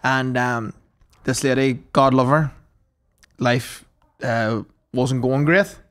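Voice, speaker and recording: A man's voice: mid-range voice, steady tone, slow pace, a bit bright. A man, co-hosting a podcast and telling sweary, joking anecdotes. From Northern Ireland. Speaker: podcast co-host. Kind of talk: casual chat.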